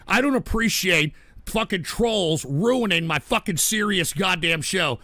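Male stream host, angry profane ranter, bright high voice. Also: expressive, unhurried, no room sound. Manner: profane, heated, swings into shouting. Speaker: livestream host reading donation messages. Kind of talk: angry ranting livestream talk.

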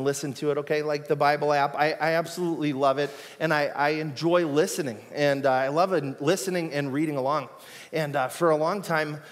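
A male pastor gives a sermon in a relaxed, joking, conversational manner, full of asides and fillers. His voice sits a little high for a man. Long reverb from the church hall trails behind his words.

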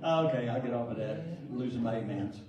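A man's voice: mid-range voice, quick pace, highs cut off, a crowd in the background. A man preaching a sermon, telling stories with jokes and frequent laughter. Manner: jokey storytelling, laughs often. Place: large church sanctuary. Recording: echoey hall from far off.

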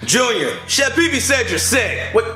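A man voicing a crude, lazy, loudmouthed father who shouts and boasts, in a puppet comedy sketch. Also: very high voice, very animated, normal speed, over loud music. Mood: gruff.

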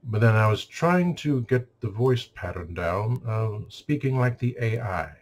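A man's voice: medium pitch, sing-song, normal speed, a little hiss or hum. A man who works in a store, ranting casually and sarcastically about customers and mimicking them in mock voices. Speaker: store clerk venting. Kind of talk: casual rant.

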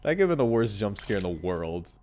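A man's voice: fairly low pitch, big pitch swings, a little fast. A young man streaming a horror game, joking around and yelping at the scares. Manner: jumpy, joking, yelps and shouts. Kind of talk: horror game playthrough commentary.

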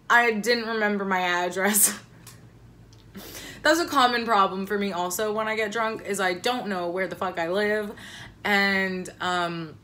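A young woman casually telling a personal story, rambling with many likes and ums and swearing freely, her voice jumping shrill and loud when she quotes herself. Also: unhurried.

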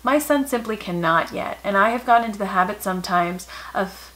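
A woman in her thirties talks straight to camera about parenting, calm and matter-of-fact. Her voice is bright and clear at a middling pitch, and it goes soft and gentle whenever she repeats what she tells her children. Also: brisk, low-quality recording. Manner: warm, calm and matter-of-fact, softening for quoted lines to children. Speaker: parenting vlogger. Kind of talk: casual advice talk to camera.

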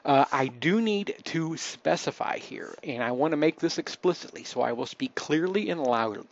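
A man hosting a live webcast, talking in a relaxed, chatty way with many fillers and restarts. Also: fairly high pitch, moderate pace, few pauses, dull audio. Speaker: host.

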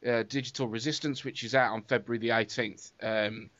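A British man interviewing a musician, asking halting, hesitant questions. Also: medium pitch, fairly even intonation, fairly bright tone, no echo, dull audio. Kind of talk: casual interview.

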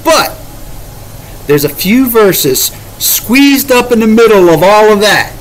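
A man's voice: sits high, very animated, slow, rough recording. A man leading a casual Bible study, paraphrasing scripture in everyday words with emphatic, conversational delivery.

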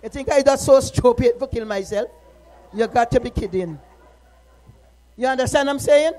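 A middle-aged woman minister preaching a sermon, moving from quiet, personal talk to impassioned shouting. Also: on the high side, moderate pace, pauses often, low-quality recording.

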